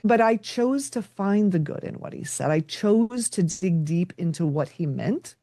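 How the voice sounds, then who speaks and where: A woman's voice: lowish voice, animated, unhurried, dark tone, no echo, clean studio sound. A middle-aged woman, a podcast guest, talking reflectively and telling stories with quoted dialogue. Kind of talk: conversational interview.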